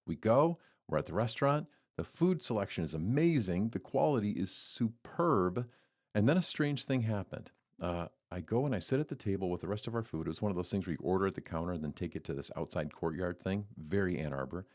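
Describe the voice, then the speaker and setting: A man hosting a devotional podcast, talking in an earnest, storytelling way with lively swings. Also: low-pitched, a little fast. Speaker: podcast host giving a devotional. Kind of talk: casual devotional talk.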